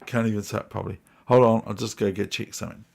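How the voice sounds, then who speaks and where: Gravelly New Zealand man muttering chess moves. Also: lowish voice, fairly even intonation, quick pace, darkish tone, slight background noise. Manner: muttering moves half to himself, chatty asides to chat. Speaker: chess streamer. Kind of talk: live-stream commentary while solving puzzles.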